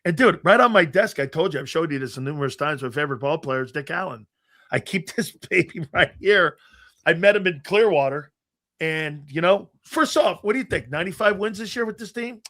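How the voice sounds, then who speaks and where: A middle-aged man chatting casually as a sports show host, slipping into lively retellings of old memories. His voice sits a little high for a man, and the talk is loose and conversational. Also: brisk. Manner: animated storyteller, acts out his younger self.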